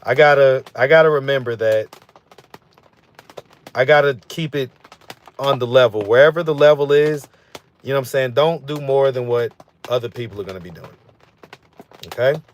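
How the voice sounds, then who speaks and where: A man who hosts a street interview channel chats loosely on a live stream, reading comments and filling gaps with phrases like "you know what I'm saying." His voice is medium-pitched and moderately paced, broken by long pauses.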